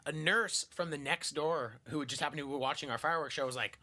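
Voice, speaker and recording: A man's voice: on the high side, a little fast, pushed and bright. A man hosting a podcast, telling a story in a casual, profane way, laughing and acting out other people's lines. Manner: acts out quotes in shifting voices. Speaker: podcast host.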